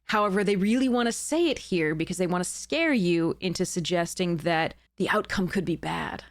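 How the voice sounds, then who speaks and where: A woman talks through a document in a casual commentary, reading lines aloud and then answering them. Her pitch jumps up when she gets indignant, and she keeps checking in with quick "right?" asides. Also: animated. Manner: reads quotes aloud then rebuts them. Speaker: commentary host. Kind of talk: casual commentary analyzing a letter.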